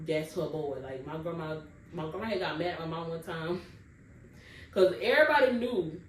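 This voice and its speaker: Young woman, casual storytime vlogger, talks right to her viewers, distant mic in an echoey room. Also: lowish voice. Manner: chatty, keeps addressing viewers directly. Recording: roomy, distant mic, faint background noise.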